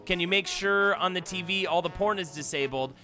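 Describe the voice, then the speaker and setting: Bright-voiced man telling jokes on stream. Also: sits high, brisk, soft background music. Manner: playful joke-telling, laughs often. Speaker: host. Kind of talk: live-stream chat, reading out jokes.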